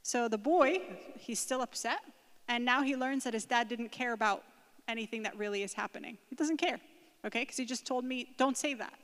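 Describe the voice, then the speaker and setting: A woman's voice: a little high, fairly quick, fairly bright tone. A woman giving a conversational parenting talk to a group, often checking in with the room by asking "right?" and "okay?". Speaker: speaker at a parenting workshop. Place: church hall. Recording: echoing hall with long reverb.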